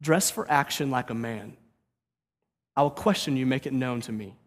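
A man putting on the slow, commanding voice of a stern God during a sermon. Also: medium pitch, in a large hall, pitched below the performer's own voice, close to an everyday voice. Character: stern, mighty male God rebuking a man.

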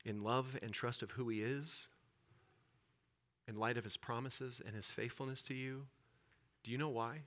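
A man's voice: mid-range voice, bright, forceful tone. A man preaching a sermon as pastor, building intensity and repeating phrases.

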